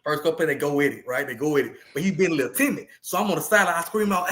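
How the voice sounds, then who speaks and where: Animated man telling a story. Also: fairly high pitch, rapid-fire, few pauses. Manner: animated, repeats words, acts out quotes. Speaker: podcast co-host and youth football coach. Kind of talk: casual storytelling chat.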